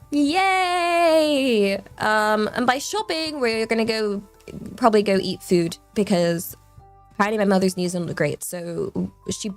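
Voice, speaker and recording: A young woman streamer chatting casually, rambling and giggling often. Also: mid-range voice. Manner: rambling, giggly, self-deprecating.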